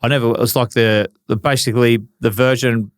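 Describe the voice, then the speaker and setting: A man's voice: mid-range voice, fairly even intonation, brisk, clear, resonant tone, no echo. A man in his forties with an Australian accent, telling loose, laughing stories as a guest and swearing freely. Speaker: guest, retired footballer. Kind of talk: casual storytelling interview.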